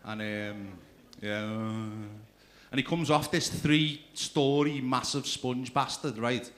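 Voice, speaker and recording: A man's voice: medium pitch, steady tone, slow, fairly bright tone. A man doing a stand-up comedy routine, telling crude stories and throwing asides to the crowd. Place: comedy club stage.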